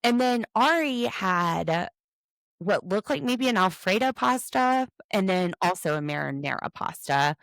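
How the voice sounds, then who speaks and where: A woman's voice: mid-range voice, unhurried, vocal fry, no echo. A woman co-hosting a podcast, chatting casually with sarcastic jokes and frequent laughs. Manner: animated, sarcastic, laughs often. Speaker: podcast co-host. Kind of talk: casual recap chat.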